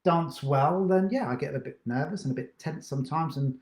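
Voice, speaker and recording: A man's voice: fairly high pitch, fairly quick, darkish tone. Chatty man in an echoey room. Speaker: dance teacher co-hosting a live Q&A. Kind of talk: casual live-stream chat.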